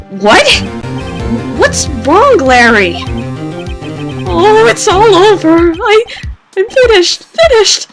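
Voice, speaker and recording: A woman's voice: very high voice, voice pushed up, exaggerated voice. A woman voicing a melodramatic young man who wails and shrieks in despair, over game music. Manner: wailing, shrieking.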